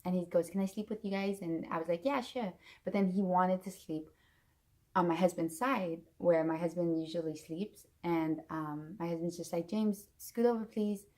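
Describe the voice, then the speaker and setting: A woman vlogger in her thirties, talking straight to her camera and retelling a hard day in a loose, rambling way. Her voice sits a little low, and she keeps restarting her sentences and acting out what everyone said. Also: little pitch movement, moderate pace, a little mellow. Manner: emotional, rambling retelling with many restarts and quoted dialogue. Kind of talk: casual storytelling to camera.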